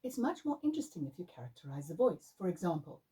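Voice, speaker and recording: A woman's voice: fairly low pitch, sing-song, fast talker, few pauses, warm tone, slightly rough, low-quality recording. A woman adjudicator giving emphatic, demonstrative coaching tips to young performers. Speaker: drama adjudicator. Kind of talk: instructional talk to performers.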